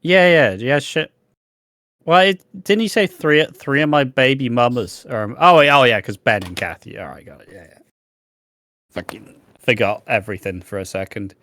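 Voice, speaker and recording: A man's voice: medium pitch, expressive, moderate pace, a bit bright, no room sound. A man co-hosting a podcast, brash and jokey, swearing freely in casual chat. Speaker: podcast co-host. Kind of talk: casual chat recapping a soap.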